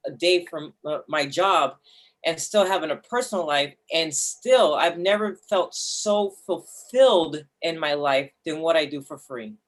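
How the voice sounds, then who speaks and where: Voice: mid-range voice, measured pace. Candid storyteller voice, raw and open. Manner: emotional, swearing, restarts, acts out inner voices. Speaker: guest.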